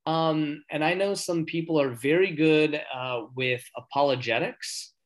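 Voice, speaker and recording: A man telling a story in casual chat, earnest and rambling, getting excited as he talks. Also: a little high, a little slow. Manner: earnest, excitable when talking faith; rambling with many fillers and restarts.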